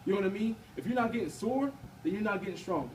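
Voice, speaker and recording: Young man, quick, high-voiced testimony speaker, chatty, distant mic and faint hiss. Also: lively intonation, a little mellow. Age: 20s. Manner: casual and conversational, often asking "you know what I mean". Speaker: student speaker at a campus ministry event. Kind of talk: personal faith testimony. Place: event room at a campus gathering.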